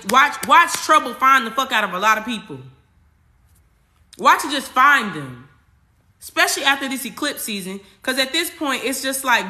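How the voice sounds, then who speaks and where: High and bright-voiced, this woman hosts an astrology livestream as a spiritual coach, talking casually to her viewers. She addresses them directly, emphatic and repetitive, with slang and swearing thrown in.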